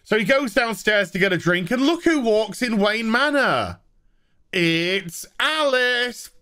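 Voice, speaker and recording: A man's voice: high voice, very animated, normal speed, bright, forceful tone. A man giving a sarcastic, profane TV review rant. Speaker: host. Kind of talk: ranting TV review.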